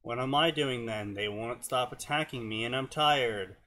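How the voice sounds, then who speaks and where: Brief: young male co-host, bright voice, reads fanfic deadpan with sarcastic asides. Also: mid-range voice, unhurried, few pauses. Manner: reads flatly, slips and stumbles on names. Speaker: co-host reading fanfiction aloud. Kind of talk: casual reading with mocking commentary.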